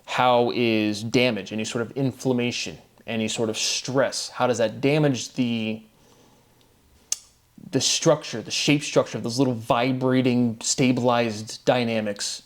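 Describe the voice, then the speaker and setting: A man's voice: mid-range voice, steady tone. A man talking alone to the camera in a rambling, self-interrupting way, with sarcastic asides. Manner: rambling, self-interrupting, speeds up and slows down on words. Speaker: video host. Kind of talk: casual solo monologue.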